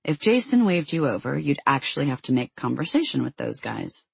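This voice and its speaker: A wry teenage girl who teases in a deadpan voice, as read by an audiobook narrator. The tone is a little husky, recorded dry and close. She sounds quick and unimpressed. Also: mid-range voice, dry recording, exaggerated voice. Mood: teasing.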